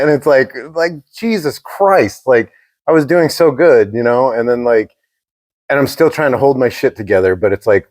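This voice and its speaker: A man's voice: mid-range voice, a little mellow, no echo. A man co-hosting a podcast, telling a rambling, profane story in casual chat. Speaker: podcast co-host.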